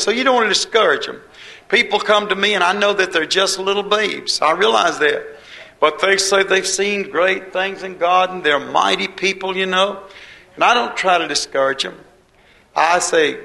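A man's voice: sits high, vocal fry, sharp tone, rough recording. A man preaching a sermon in a folksy, homespun way, with dialect and quoted voices.

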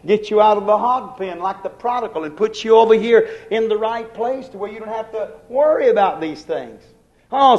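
A man's voice: high-pitched, dull audio. A male minister preaching a sermon in a folksy way, often calling out to his congregation.

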